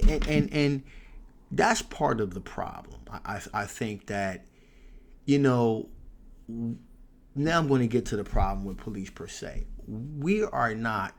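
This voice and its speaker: A man hosting his channel, telling a personal story in a casual, animated way, swearing freely. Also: on the low side, slight background noise. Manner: animated, profane, laughs through the story. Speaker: tarot reader and channel host.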